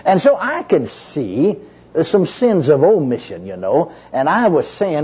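Male preacher telling his testimony from the pulpit, folksy and rambling, animated swinging pitch, muffled old recording. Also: a little slow, husky. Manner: folksy storyteller, repeats "you know", restarts often. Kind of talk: sermon with personal testimony.

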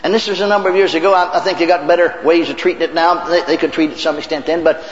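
A man's voice: on the high side, steady tone, very fast. An older man preacher telling stories in a folksy sermon, often repeating words and laughing, in a church hall on a dull lo-fi recording. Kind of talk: sermon storytelling. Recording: echoey hall, dull lo-fi tape.

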